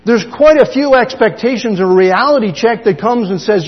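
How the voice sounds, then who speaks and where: Middle-aged guy preaching, kinda high voice, acts out stories, big echoey hall, dull lo-fi sound. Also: moderate pace, slightly rough. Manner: animated storytelling, acts out dialogue. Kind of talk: sermon.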